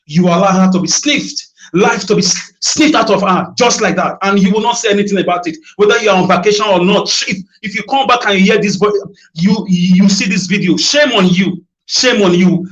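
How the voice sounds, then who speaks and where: Nigerian guy, high voice, emotional angry appeal, muffled video sound. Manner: emotional, accusing, repeating phrases. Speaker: citizen addressing a governor in a video. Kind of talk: impassioned public appeal. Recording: dull lo-fi video audio.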